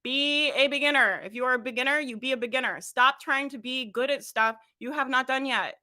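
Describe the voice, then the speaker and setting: Energetic woman coach, bright voice pitched a touch high, talks straight to her audience with frequent laughs. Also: brisk. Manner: energetic, laughs often, addresses listeners directly. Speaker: business coach. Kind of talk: motivational coaching talk.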